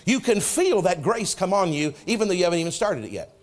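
A middle-aged pastor preaching in a church with a high, very lively voice that leaps up and sinks down. He tells his story with energy and acts out both sides of the dialogue, dropping quiet for the quoted lines. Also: quick pace. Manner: animated storytelling, acts out prayers and dialogue, drops soft for quotes. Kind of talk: sermon. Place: church sanctuary.

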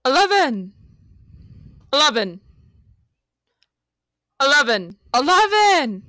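A woman's voice: high voice, animated, measured pace, dry recording, studio quality, full character voice. A woman voicing an exasperated Scottish woman stuck in a lift, in a put-on Scottish accent, for a comedic fan dub. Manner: exasperated, building to furious yelling. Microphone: close, hot mic.

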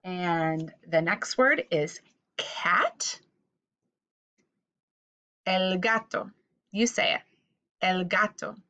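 Woman teacher, unhurried delivery, patient; repeats each word for kids to echo. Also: fairly low pitch, animated, sharp tone. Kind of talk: vocabulary lesson for children.

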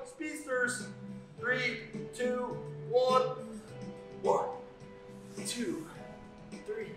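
A man's voice: very high-pitched, fairly even intonation, extremely slow, pauses often. A man coaching a workout on a live stream, explaining exercises and counting reps with upbeat encouragement. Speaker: fitness coach. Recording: echoey room, far from the mic, faint music.

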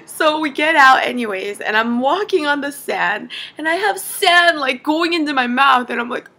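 Bright, animated young woman telling a story. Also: high voice, a little slow, creaky. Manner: animated, laughs often, says "like" a lot. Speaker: vlogger. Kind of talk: casual storytelling.

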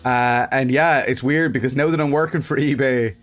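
An Irish man talks loosely and cheerfully to his viewers while he streams a game. He swears freely and laughs often. Soft music plays faintly behind his voice. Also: medium pitch, steady tone, normal speed. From Ireland. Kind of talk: casual live-stream chat.

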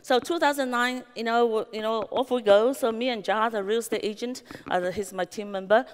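A woman with a Chinese accent, a real estate business founder telling her story at a conference with lively anecdotes, acted quotes and many "you know" fillers. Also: a little high, fairly quick, clear, resonant tone. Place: large conference hall. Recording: long reverb of a large hall.

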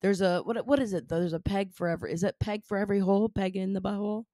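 A woman's voice: medium pitch, fairly even intonation, fast, warm tone, dry recording, studio quality. A woman co-hosting a podcast, chatting casually and playfully, with lots of fillers. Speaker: podcast co-host. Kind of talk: casual chat.

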